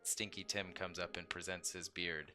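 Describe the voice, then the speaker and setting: Low-voiced male dungeon master, bright tone, easygoing filler-heavy narration. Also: moderate pace, faint music behind. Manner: relaxed storytelling with many fillers. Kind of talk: narrating a tabletop game.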